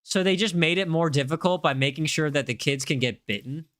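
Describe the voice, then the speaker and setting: A young American man live-streams a game, chatting casually and reading viewer comments aloud in a jokey, rambling way. His voice is on the high side, brisk and a bit bright. There's no echo.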